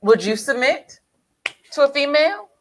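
A woman's voice: high-pitched, sing-song, normal speed, rough recording. A woman co-hosting a casual podcast, laid-back and amused in her replies. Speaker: podcast co-host.

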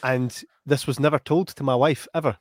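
A man's voice: mid-range voice, normal speed, no echo, studio quality. A Scottish man telling an anecdote in casual chat, acting out what other people said. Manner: animated anecdote-telling, acting out quoted voices.

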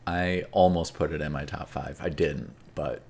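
A man's voice: extremely low pitch, fairly even intonation, moderate pace, a little mellow. A man co-hosting a casual podcast chat, laid-back and easygoing. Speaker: podcast co-host. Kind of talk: casual chat about video games.

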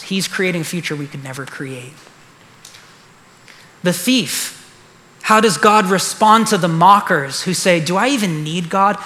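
A man's voice: high-pitched, sharp tone. A man preaching a sermon as a pastor, earnest and emphatic, repeating key phrases for weight. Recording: long reverb of a large hall.

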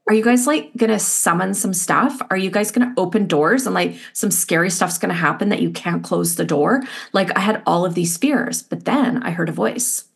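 A middle-aged woman, an interview guest, telling a personal story in an animated, expressive way with lots of "like" fillers. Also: on the low side, moderate pace, creaky, few pauses, husky.

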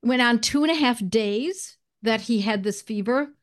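Animated woman telling a personal story. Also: on the high side, a little slow. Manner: animated storyteller who often clears her throat. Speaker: guest, homeopathy educator.

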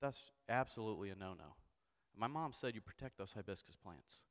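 A young male pastor tells a funny story from the pulpit, animated and self-mocking, often checking in with the congregation. His voice sits fairly low. The sound carries a long reverb from the church hall. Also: brisk. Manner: animated, self-mocking storyteller who keeps asking "okay?". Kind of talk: storytelling sermon. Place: church sanctuary.

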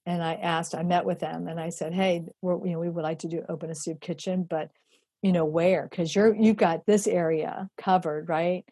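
Middle-aged woman, storytelling, lively quoted voices, husky, warm and dry sound. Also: on the low side, moderate pace, no echo. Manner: animated, acts out quoted voices, many fillers. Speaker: charity founder telling her story. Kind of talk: personal storytelling.

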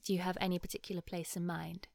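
A woman narrating calmly as game master of a tabletop game. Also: lowish voice, fast talker, creaky, no room sound, clean studio sound.

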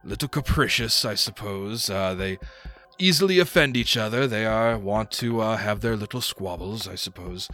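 A man voicing an eccentric old wizard host who is politely formal, and who erupts into high shrieking rage at pests. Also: moderate pace, bright, forceful tone. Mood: genteel.

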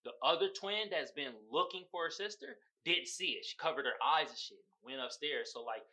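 A young man with a Californian accent hosting a casual podcast, telling stories loudly and animatedly with laughter and profanity. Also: on the high side, brisk. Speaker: podcast host. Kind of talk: casual solo podcast chat.

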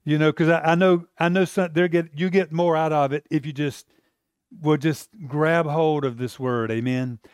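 A pastor preaching a sermon in a loose, conversational way, often restarting and acting out the people in the story. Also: male voice, fairly high pitch, fairly even intonation, moderate pace, clear, resonant tone, no room sound, studio quality.

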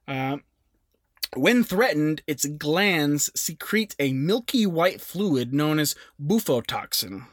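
A man's voice: a little high, big pitch swings, slow pace, dry recording, studio quality. A young adult man co-hosting a podcast in casual chat, presenting facts with jokey asides. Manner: chatty, jokey, with self-aware asides. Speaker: podcast co-host.

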